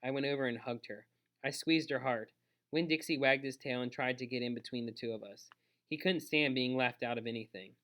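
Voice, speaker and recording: A man reads a children's book aloud in gentle, steady narration. His voice is bright and forward, with a pitch in the middle range for a man. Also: brisk. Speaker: storyteller on his own channel.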